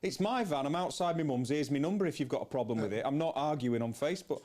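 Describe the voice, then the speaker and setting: A man, telling stories in a casual chat, animated and often laughing. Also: fairly high pitch, quick pace.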